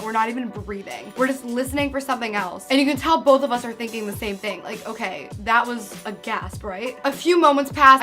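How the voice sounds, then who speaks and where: A young woman telling a ghost story to camera in a casual, animated way, acting out voices and dropping to a hush at tense moments. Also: high voice. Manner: animated, acts out quotes and sounds, drops to a hush for tense parts.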